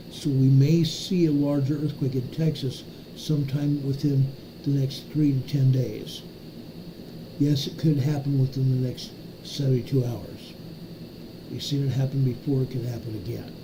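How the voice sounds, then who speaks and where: A man's voice: fairly high pitch, mellow, a little hiss or hum, low-quality recording. A man hosting a live earthquake update, walking viewers through a map in an emphatic, repetitive way and often checking in with "okay?". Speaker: host of an earthquake update livestream. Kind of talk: live map walkthrough talking to chat.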